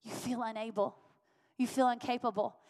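A woman's voice: on the high side, steady tone, moderate pace, darkish tone. Earnest woman preaching in an echoing hall. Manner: earnest, repetitive emphatic preaching. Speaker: pastor. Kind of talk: sermon. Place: church sanctuary. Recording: long reverb of a church hall.

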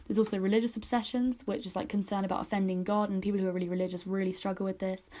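A woman's voice: mid-range voice, little pitch movement, rapid-fire, mellow. A woman in her twenties hosting a personal podcast, speaking candidly and emotionally, at times choked up. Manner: candid, emotional, speaks in run-on spoken sentences with many likes. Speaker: podcast host.

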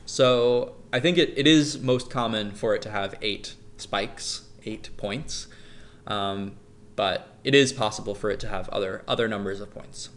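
A man's voice: mid-range voice, fairly bright tone. A man hosting a casual podcast, upbeat and jokey, explaining facts loosely with fillers. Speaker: podcast host.

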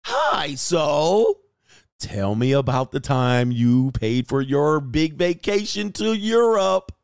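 A man's voice: on the high side, big pitch swings, slow pace, vocal fry, smooth, no room sound, studio quality, full character voice. A man doing a sugary, prying woman. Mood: fake sweet. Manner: fake-friendly, prying. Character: sweetly scheming woman fishing for details.

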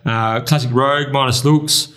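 A man's voice: mid-range voice, fairly even intonation, normal speed, fairly bright tone. An Australian man hosting a racing podcast, steadily running the segments and going through race fields in casual chat. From Western Australia.

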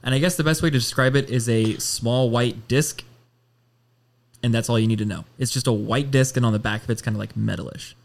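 A man hosting a podcast, leading a segment in a relaxed, conversational way. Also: medium pitch, a little fast, gravelly. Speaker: podcast host. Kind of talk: casual podcast chat.

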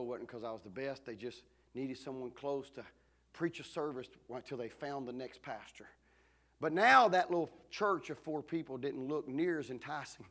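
A male pastor, preaching a sermon as a dramatic story that swings between shouting and hushed tones. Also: medium pitch.

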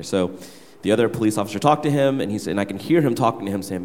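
A man's voice: on the low side, expressive, very fast, few pauses, a little mellow. A young man, a worship leader, candidly telling a personal story to his church gathering. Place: church hall. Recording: reverberant hall.

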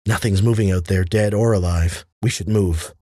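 A small young woman scout, as a male narrator puts her on, breathless and urgent in her report. The voice stays near his own low, husky register, dry and close. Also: fairly even intonation, moderate pace, dark tone, no echo.

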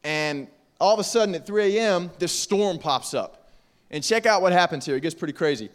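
Young guy youth pastor, high voice, goofy and chatty, keeps it loose. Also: a little fast. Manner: animated, jokey, conversational. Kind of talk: casual youth sermon.

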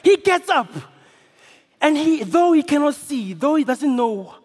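High-voiced impassioned preacher. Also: male voice, big pitch swings, measured pace. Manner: impassioned, rising to shouts, dramatic repetition. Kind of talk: sermon. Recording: long reverb of a large hall.

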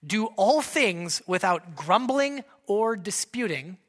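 A man preaching a sermon as pastor, animated and joking, asking his congregation direct questions. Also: high voice, slow pace.

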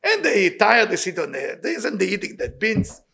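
A man giving an impassioned sermon and telling a story, repeating his key words and speaking loose, halting English. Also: high-pitched, wildly swooping pitch, vocal fry, sharp tone, breathy edge. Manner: loose, halting non-native English grammar. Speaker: rabbi giving weekly inspiration.

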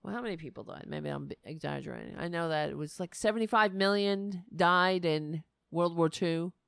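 A woman's voice: fairly low pitch, brisk, vocal fry, fairly bright tone, clean tone, dry recording, studio quality. A woman hosting a political talk show, ranting with sarcastic, indignant anger and frequent swearing. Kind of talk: angry political commentary.

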